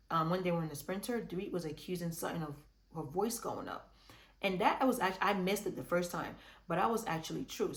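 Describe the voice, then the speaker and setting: A woman's voice: fairly low pitch, echoey room. A woman giving a chatty, opinionated recap of a reality show, full of restarts and fillers. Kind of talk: casual recap commentary.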